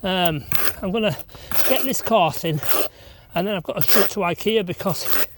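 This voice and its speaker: Chatting to camera while laying blocks on an outdoor building site, a man rambles and pokes fun at himself. His voice sits high and he speaks at a normal speed. It's a casual vlog chat during work, recorded outdoors with plenty of noise.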